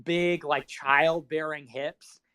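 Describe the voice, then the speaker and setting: Animated, rambling man, higher voice. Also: slow, clean tone. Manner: animated, rambling, heavy on fillers. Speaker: podcast host. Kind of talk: casual stream chat.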